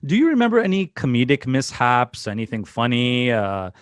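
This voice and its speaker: Chatty host from Canada, dry close sound. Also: male voice, mid-range voice, sing-song, moderate pace, smooth, no room sound. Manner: chatty, many fillers and restarts. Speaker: interview host. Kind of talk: casual interview chat.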